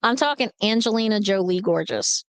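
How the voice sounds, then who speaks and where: A woman in her forties telling a family story to a live chat, animated and blunt. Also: mid-range voice, brisk, smooth, no room sound. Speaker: livestream host.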